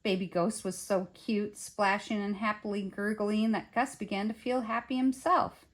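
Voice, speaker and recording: An older woman, a grandmother, reading a children's picture book aloud in an expressive way. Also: mid-range voice, moderate pace. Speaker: storyteller.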